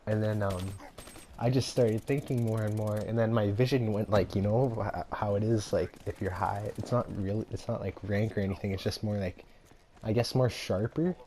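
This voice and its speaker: A man's voice: lowish voice, fairly even intonation, normal speed, mellow, a little hiss or hum. A young man telling a story in a casual, rambling way, full of fillers and laughs.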